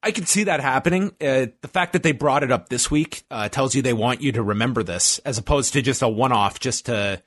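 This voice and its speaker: A man's voice: mid-range voice, brisk, hardly any pauses, fairly bright tone, no echo. A man co-hosting a casual podcast, recapping events step by step with dry asides. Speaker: podcast co-host recapping wrestling. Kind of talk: casual chat.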